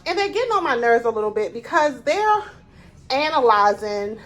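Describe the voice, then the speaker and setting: Chatty woman vlogger, slightly high voice. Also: big pitch swings, a bit bright. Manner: chatty, repeats herself, quick to get annoyed. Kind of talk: casual haul vlog. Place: at home.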